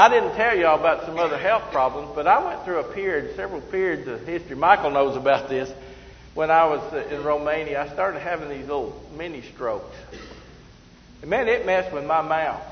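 A male preacher with a slightly high voice, telling homespun stories and laughing at his own slips before turning to scripture. His voice rings through a large, reverberant church hall. The sound is a little dull and muffled, with faint room hum behind him. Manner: folksy storytelling, laughing at himself. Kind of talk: sermon.

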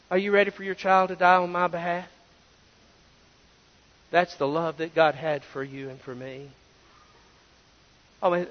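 A man preaching a sermon as pastor, emphatic and full of rhetorical questions. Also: high voice. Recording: dull lo-fi audio with long reverb.

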